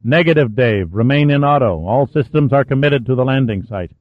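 A man's voice: mid-range voice, brisk, no echo, close to an everyday voice. A man voicing an impassive flight controller. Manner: calm, flat, impassive. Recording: tinny phone-like sound, dry.

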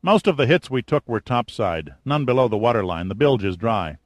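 A man's voice: medium pitch, sing-song, fairly quick, dry recording, natural voice. A man voicing a cautious, fussy crewman in an audiobook, careful and a little lecturing. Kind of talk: audiobook character voice.

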